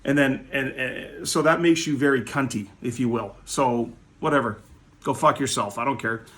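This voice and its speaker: A man's voice: medium pitch, normal speed, a bit bright. Profane ranting man. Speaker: hockey card seller. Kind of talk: casual ranting vlog.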